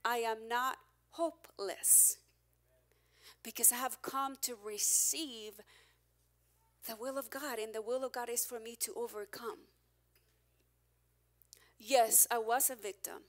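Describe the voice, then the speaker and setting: A woman pastor preaching a candid, emphatic sermon, her loudness rising and falling as she presses her points. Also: on the high side, steady tone, measured pace, long pauses.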